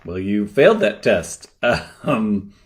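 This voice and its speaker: A man's voice: lowish voice, very animated, slow, darkish tone. A man playing a sarcastic, exasperated director. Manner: sarcastic, scolding commentary. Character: exasperated director of an AI horror shoot.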